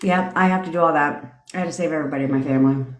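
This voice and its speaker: A woman's voice: deep voice, very fast. A woman hosting a live stream, telling stories in a brash, profane, casual rant. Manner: profane, brash storytelling with frequent laughs. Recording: echoey room.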